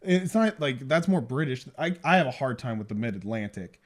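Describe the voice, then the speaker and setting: A man co-hosting a film review podcast in casual chat, animated and acting out movie lines in mock voices. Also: mid-range voice, fairly quick.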